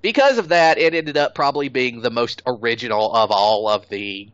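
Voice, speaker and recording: A man in casual conversation, bluntly opinionated and quick to swear. His voice is bright and forceful, close and dry. The recording has a somewhat dull, lo-fi sound. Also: medium pitch, no echo. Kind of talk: casual chat.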